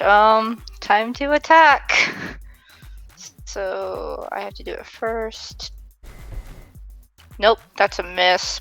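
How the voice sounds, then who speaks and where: Slow, gravelly-voiced woman player. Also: medium pitch, fairly bright tone, dry recording, poor audio. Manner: hesitant, lots of ums. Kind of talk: casual tabletop play.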